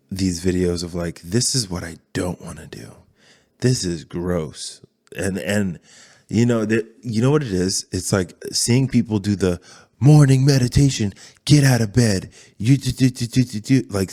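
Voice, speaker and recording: A man's voice: low-pitched, a little mellow. A man hosting a podcast, talking in a rambling, candid, profanity-filled casual monologue. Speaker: podcast host.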